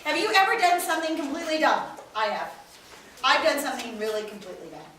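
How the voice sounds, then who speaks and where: Animated woman teaching kids, echoey room. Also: high-pitched, fast talker. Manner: expressive storytelling, quizzing the children. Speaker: children's Bible teacher. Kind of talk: animated Bible lesson for kids. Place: classroom with children. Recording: echoey room, far from mic, noisy.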